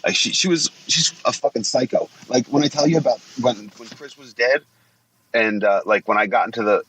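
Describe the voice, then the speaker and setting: A man's voice: mid-range voice, fairly quick, fairly bright tone, a little hiss or hum, low-quality recording. A man in his forties, a former wrestler guesting on a podcast, telling blunt, profanity-laced stories in a rambling, casual way. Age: 40s. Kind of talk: casual storytelling interview.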